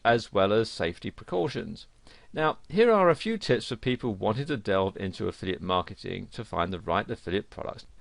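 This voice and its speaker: Man, instructor, lively pitch, low gravelly voice, dry close sound. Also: dry recording. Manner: advising, earnest and direct. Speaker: online course instructor. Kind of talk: instructional lesson narration.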